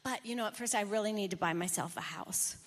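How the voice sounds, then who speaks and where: A woman's voice: mid-range voice, fast talker, big-room sound, voice pushed down, close to an everyday voice. A woman playing an eager grown son who gushes over a gift and spends it carelessly. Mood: breezy. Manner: gushing, eager exclamations. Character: excited young grown son, careless with money.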